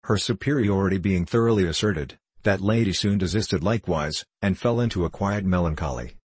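A man narrating a classic novel in measured storytelling. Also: sits low, darkish tone, breathy edge, no echo. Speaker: audiobook narrator. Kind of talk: scripted narration.

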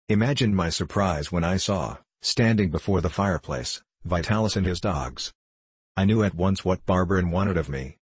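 Deep, husky male storybook narrator. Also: no room sound. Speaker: audiobook narrator. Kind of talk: scripted narration.

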